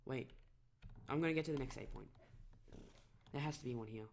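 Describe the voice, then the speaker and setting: Brief: man gamer, casual rambling let's play talk, mid pitch, desk mic. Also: brisk, creaky, noisy background. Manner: rambling, lots of self-corrections and fillers.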